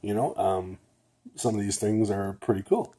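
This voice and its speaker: A man's voice: lowish voice, moderate pace, warm tone. An older man, a retired nurse, talking casually to camera in a rambling way, a little nasal and often checking in with "okay?". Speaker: vlogger.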